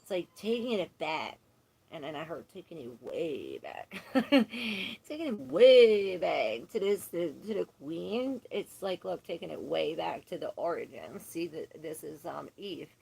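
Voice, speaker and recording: Rambling low-voiced woman tarot reader. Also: animated, vocal fry, a little mellow, slight background noise. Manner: rambling, halting, swears, laughs often. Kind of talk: live tarot reading stream. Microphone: phone.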